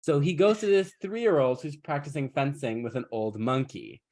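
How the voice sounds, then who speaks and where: A man's voice: a little high, expressive, moderate pace, darkish tone. A man, a podcast host, retelling a fairytale in a casual, irreverent and joking way. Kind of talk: casual chat, comic retelling.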